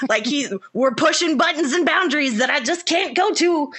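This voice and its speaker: A woman from the US South co-hosting a podcast in casual chat, giggly and animated while trying to sound professional. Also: sits high, normal speed, few pauses. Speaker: podcast co-host.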